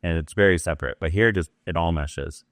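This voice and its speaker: A man hosting an interview, talking in a relaxed, reflective way and asking open questions. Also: sits low, brisk, clean tone, no echo, clean studio sound. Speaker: host. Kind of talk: casual interview talk.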